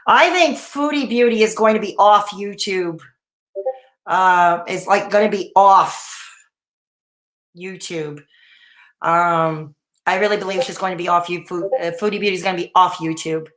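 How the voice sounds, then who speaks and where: A woman's voice: fairly low pitch, a little slow, fairly bright tone, echoey room. A woman hosting a casual live stream, chatting and answering viewer comments with many fillers and restarts, while she has the hiccups. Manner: rambling, frequent fillers and restarts.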